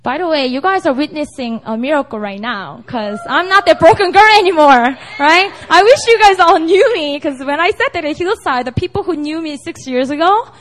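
A young woman preaches in a relaxed, chatty way, often asking her listeners if they follow. Her voice sits high and swings widely in pitch. She sounds conversational rather than formal. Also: normal speed, hardly any pauses. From South Korea. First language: Korean. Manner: chatty, with frequent "you know" and "right?". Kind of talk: casual, animated sermon.

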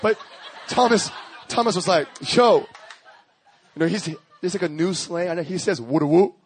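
A male pastor preaching a sermon, telling stories in a lively, slangy way and often laughing as he talks. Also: high-pitched, moderate pace, slight background noise. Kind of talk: sermon with storytelling.

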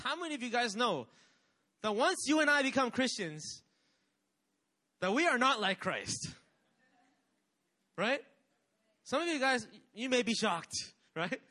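A young man preaches with energy, drawing the congregation into call-and-response. His voice sits high and bright, and it swings widely as he drives each point home. He keeps a constant pastoral rhythm of question and answer. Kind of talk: sermon.

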